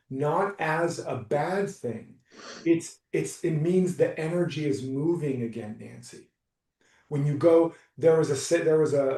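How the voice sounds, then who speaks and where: A man coaching someone through a live session, talking in a soft, reassuring, unhurried way. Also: fairly high pitch. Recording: roomy, distant from the mic.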